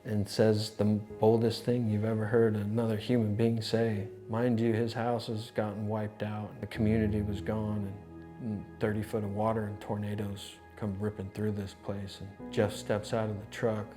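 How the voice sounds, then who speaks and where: A low-voiced man recounts his experience for a documentary, talking in a loose, conversational way full of restarts and asides. Music plays clearly underneath him. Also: normal speed. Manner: conversational, animated, with many restarts. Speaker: insurance adjuster. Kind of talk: documentary storytelling.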